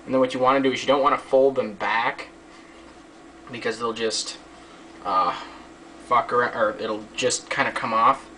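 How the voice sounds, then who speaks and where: A man's voice: mid-range voice, steady tone, moderate pace, pauses often, sharp tone. A man giving a casual hands-on tutorial, rambling and joking with a lot of swearing. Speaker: how-to video maker. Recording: distant mic with faint background hiss.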